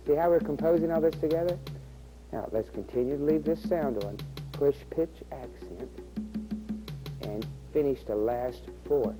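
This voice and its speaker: A man's voice: medium pitch, expressive, moderate pace, low-quality recording. A man hosting an instructional video, patiently walking the viewer step by step through programming rhythms on an organ. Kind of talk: instructional demonstration. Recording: faint organ music behind the voice. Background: organ rhythm sounds.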